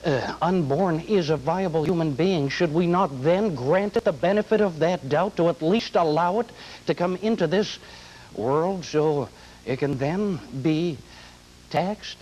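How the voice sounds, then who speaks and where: Young guy doing an old folksy president, bit higher voice, light hiss. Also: a little slow, darkish tone, close to an everyday voice, rough recording. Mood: wry. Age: 20s. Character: male US president, older, folksy joking. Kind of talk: impression at a mock press conference.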